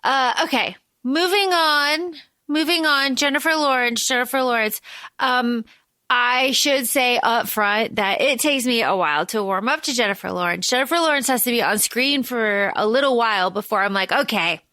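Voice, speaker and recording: A woman co-hosting a casual podcast, playful and theatrical, often repeating her lines. Her voice is bright and a little high. The recording is dry and close. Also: moderate pace, no echo. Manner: playful, dramatic asides, repeats herself. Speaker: podcast co-host. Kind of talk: casual chat.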